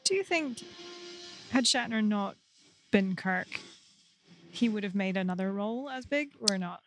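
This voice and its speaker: Lady cohost on a movie watchalong, mid pitched, dry teasing comments. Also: animated, unhurried, music in the background. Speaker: podcast co-host. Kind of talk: casual watch-along commentary.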